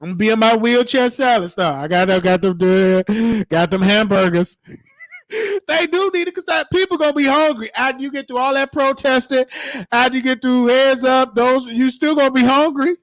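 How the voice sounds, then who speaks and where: A man hosting a casual live-stream chat, animated and joking with frequent laughter, his voice worn from talking. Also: very high voice, moderate pace, no echo, clean studio sound. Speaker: show host.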